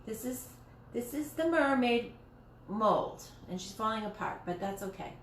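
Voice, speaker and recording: A woman hosting a home live stream talks slowly and loosely, wandering through her thoughts and stopping to restart half-finished sentences. Her voice sits in a roomy, echoey dining room. A faint hiss of background noise runs underneath. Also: fairly high pitch, animated. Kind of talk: casual live-stream chat while crafting.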